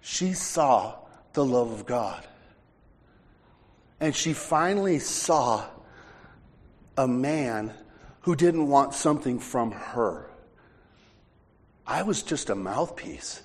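A man's voice: medium pitch, lively intonation, very slow, pauses often, long reverb tail. A man preaching a sermon, telling a personal story with impassioned, heartfelt delivery.

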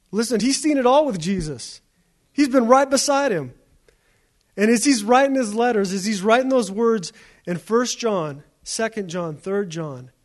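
A man with a notably high voice preaching a sermon. He talks in a relaxed, conversational way, telling stories and repeating his phrases as he goes. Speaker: pastor.

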